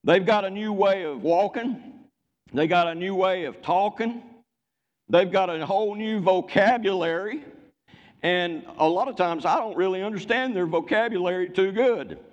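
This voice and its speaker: A man's voice: high-pitched, moderate pace. An older man preaching a sermon in a church, folksy and joking, calling out for amens from the congregation. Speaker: pastor. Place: church sanctuary. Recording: muffled church recording with long reverb.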